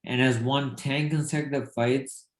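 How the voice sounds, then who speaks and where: Halting man talking boxing, echoey room. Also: medium pitch, steady tone. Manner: halting, many fillers and restarts. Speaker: podcast co-host, former boxer. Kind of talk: casual sports chat.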